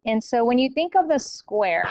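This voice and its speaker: A woman's voice: on the high side, very animated, normal speed, darkish tone, no room sound, low-quality recording. Woman teacher checking in with "okay?". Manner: explains step by step with frequent "okay?" checks. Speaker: math teacher. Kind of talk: recorded classroom lecture.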